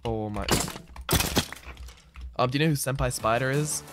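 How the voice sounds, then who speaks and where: A man's voice: mid-range voice, normal speed. A man streaming a game, chatting casually and answering his viewers as he plays, often calling them "bro". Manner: relaxed, answers chat aloud, says "bro" a lot. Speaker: streamer and server owner. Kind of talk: casual livestream chatter while gaming. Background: background music.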